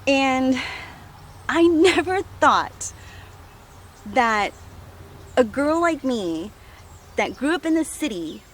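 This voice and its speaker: A woman giving a casual, enthusiastic tour of her farm garden outdoors, talking warmly and laughing often. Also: sits high, very animated, takes it slowly, long pauses. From United States.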